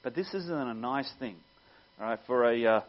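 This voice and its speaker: A man's voice: mid-range voice, normal speed. A man preaching a sermon, earnest and teaching, with wry asides. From Australia. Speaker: pastor. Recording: dull lo-fi sound.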